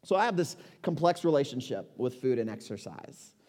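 A man's voice: mid-range voice, sing-song, normal speed, a little mellow. A man in his forties preaching a sermon, conversational and emphatic, asking rhetorical questions. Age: 40s. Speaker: pastor. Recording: long reverb of a large hall.

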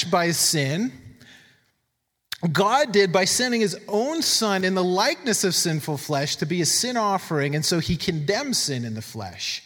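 High-voiced preacher in a reverberant hall. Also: male voice, animated, a little slow, fairly bright tone. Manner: conversational, reads scripture aloud with emphatic asides; repeats words for emphasis. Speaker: pastor. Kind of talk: sermon.

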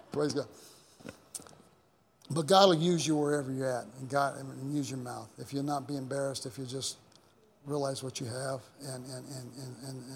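A man's voice: mid-range voice, a little hiss or hum. A man preaching a sermon as pastor, telling stories in a rambling way with many repeated words and restarts. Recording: long hall reverb.

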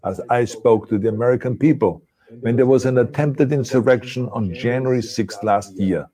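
A man with an Austrian accent giving an earnest, measured video address, played back from an online video. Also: mid-range voice, mellow. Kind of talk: prepared address.

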